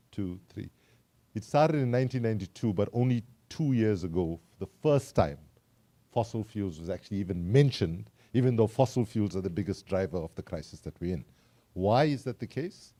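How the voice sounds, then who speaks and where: A South African man speaks to a live audience in a lowish, mellow voice. He keeps the tone wry and engaging and stops to quiz the crowd with questions. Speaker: climate activist speaker. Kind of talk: public talk to a live audience.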